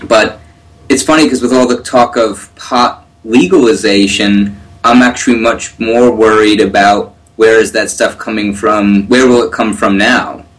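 A middle-aged man co-hosting a casual talk, telling stories quickly with repeated words. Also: lowish voice, fairly even intonation, a bit bright, low-quality recording. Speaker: podcast co-host. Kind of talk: casual conversation.

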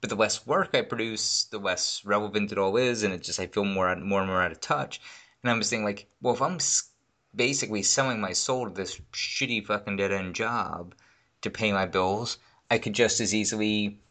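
A married man talking casually and profanely, rambling through his points with animated asides. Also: fairly low pitch, moderate pace. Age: adult, married. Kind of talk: casual conversation.

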